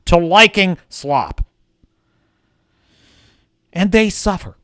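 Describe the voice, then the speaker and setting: A man's voice: high voice, sing-song, a little slow, long pauses, sharp tone, clear, resonant tone, dry recording, studio quality. A man hosting a livestream, reading chat aloud and ranting sarcastically with frequent swearing. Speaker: livestream host. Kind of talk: casual chat reading live chat.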